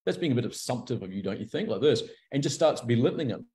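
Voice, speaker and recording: A man's voice: mid-range voice, fast. A man, a guest in a candid interview, speaking openly and acting out the people in his stories. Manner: animated storyteller, acts out quoted characters.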